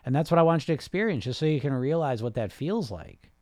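A man's voice: a little high, expressive, fast, mellow, no room sound. A man hosting a casual coaching talk on weight loss who speaks conversationally, restarts his sentences and keeps tagging them with "right?". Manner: reads viewer comments aloud. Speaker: weight loss hypnotist and podcast host.

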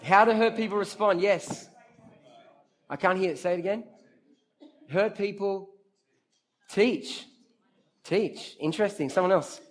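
In a high-pitched voice, a youth group preacher delivers an interactive sermon a little slowly, with long pauses. He is lively, addresses the crowd directly, names individual listeners, and repeats key phrases to drive points home.

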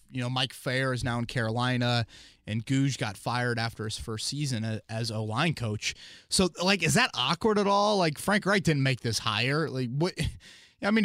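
Male podcast host, casual sports talk, rambling and animated, dry studio sound. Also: medium pitch, no room sound. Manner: animated, rambling, many fillers and restarts. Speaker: podcast host and team analyst.

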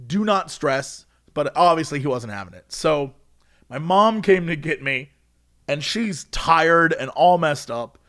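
Young man, high voice, lively storyteller, laughs through his own mishaps. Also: measured pace. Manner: animated, laughs often, acts out quotes. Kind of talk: casual anecdote.

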